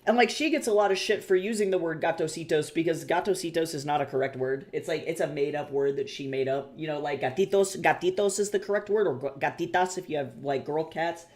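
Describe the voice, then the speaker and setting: A woman's voice: sits low, quick pace, hardly any pauses. A woman streamer chatting casually, rambling and swearing as she tells stories. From United States. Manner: rambling, swearing, animated storytelling. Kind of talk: casual chat while drawing.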